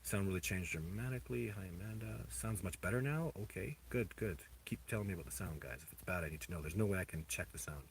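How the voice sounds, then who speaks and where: Man, very low voice, casual livestream chat, rambling and halting, faint hiss behind. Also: gravelly. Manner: rambling, halting, with many restarts. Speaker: livestream host answering viewer questions.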